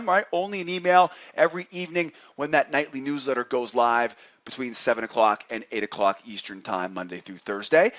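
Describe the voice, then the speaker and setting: A man's voice: mid-range voice, fairly bright tone, highs cut off. A man hosting a nightly trading newsletter, talking through market commentary in an upbeat, chatty way and often adding "right?".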